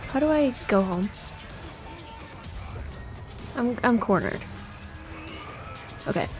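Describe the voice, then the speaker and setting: A woman's voice: fairly high pitch, lively intonation, takes it slowly, soft background music. A young woman giving casual let's play commentary in jittery, joking self-talk full of exclamations. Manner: jokey and self-deprecating. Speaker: gamer.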